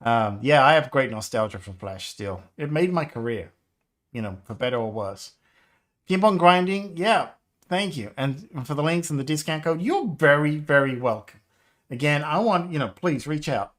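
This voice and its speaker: A man in his fifties rambles through a casual live stream. His voice is a touch high and swings widely in pitch. He laughs often and drifts into nostalgia. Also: lively intonation, normal speed, fairly bright tone. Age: 50s. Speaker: game developer livestreamer.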